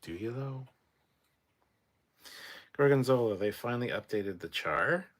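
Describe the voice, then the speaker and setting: A man's voice: lively intonation, a little slow. A sleep-deprived man hosting a casual late-night livestream, reading out chat and rambling in a tired, mumbling way. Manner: tired, rambling, drops to low mutters.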